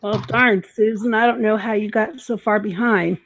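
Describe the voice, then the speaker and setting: A woman's voice: medium pitch, fairly even intonation, normal speed, background noise. A woman co-hosting a casual craft livestream chat, easygoing and playful.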